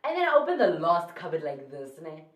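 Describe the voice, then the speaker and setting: A South African woman telling a casual storytime, rambling and excitable, often correcting herself mid-sentence. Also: low-pitched, brisk, recorded from a distance. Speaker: YouTuber. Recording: echoey room, voice away from the mic.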